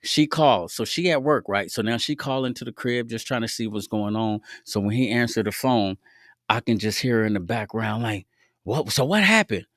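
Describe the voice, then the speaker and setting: Laid-back guy hosting a podcast, low voice, slangy faith talk, dry close sound. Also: moderate pace, no room sound. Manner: laid-back and slangy, with frequent asides to listeners. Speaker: podcast host. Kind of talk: casual faith-based storytelling.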